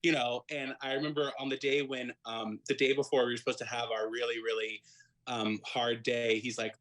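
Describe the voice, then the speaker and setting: A man's voice: mid-range voice, level tone, brisk, a bit bright, low-quality recording. A man, an actor guesting on a podcast interview, talking in a rambling way with lots of restarts. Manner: rambling, full of restarts and fillers. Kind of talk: casual interview chat.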